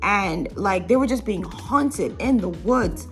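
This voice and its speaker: Animated young woman telling a story. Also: medium pitch, takes it slowly, faint music behind. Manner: animated, rambling with many fillers and laughs. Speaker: vlogger. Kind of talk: casual storytelling.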